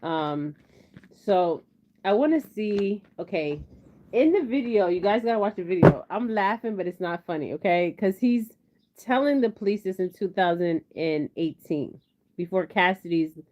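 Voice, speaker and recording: With a lowish, darkish voice and an unhurried pace, this tarot reader rambles casually on camera, frequently asking "okay?". The lo-fi recording sounds slightly dull, with slight background noise.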